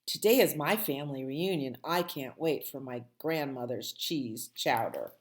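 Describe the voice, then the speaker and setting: A woman reading the lines of a small, friendly male mouse in a picture book, voicing him a little louder and eagerly, in a low voice. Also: measured pace. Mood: cheerful. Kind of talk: picture book read aloud.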